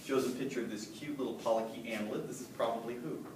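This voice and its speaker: A man's voice: medium pitch, steady tone, fast talker. Man lecturing in an echoey hall. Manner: casual, quizzing students with frequent "right?". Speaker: college zoology lecturer. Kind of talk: classroom lecture. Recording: roomy lecture hall from far off, light noise.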